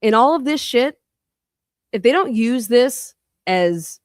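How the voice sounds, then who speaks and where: A woman's voice: on the high side, expressive, slow, no room sound, clean studio sound. A woman co-hosting a commentary show, talking bluntly and with open scorn. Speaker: co-host. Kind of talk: profane commentary.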